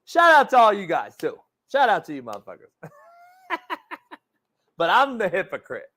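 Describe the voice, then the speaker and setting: A man's voice: high-pitched, huge pitch swings, normal speed, bright, forceful tone. A man hosting a sports talk show, ranting in a brash, mocking way and swearing constantly. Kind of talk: profane casual rant.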